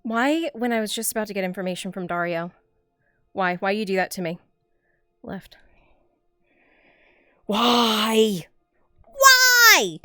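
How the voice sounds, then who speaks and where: A woman's voice: medium pitch, fast, clear, resonant tone, no room sound, clean studio sound, soft background music. A woman streamer talking casually to her chat, exasperated and cursing freely. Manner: exasperated, swearing, talks to chat.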